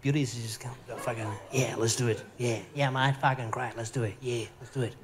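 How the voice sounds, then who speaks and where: A man doing a low muttering sleazy Aussie hunk. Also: fairly even intonation, brisk, a crowd in the background, close to an everyday voice. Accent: Venezuelan. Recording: roomy live venue with audience noise.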